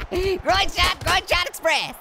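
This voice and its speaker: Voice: very high voice, creaky, full character voice. A performer voicing a cheeky, hyper male cartoon orange who narrates a comedic VR boxing playthrough, taunting and cackling constantly. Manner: taunting, giggly, constant cackling laughs and wisecracks. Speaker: gameplay commentator.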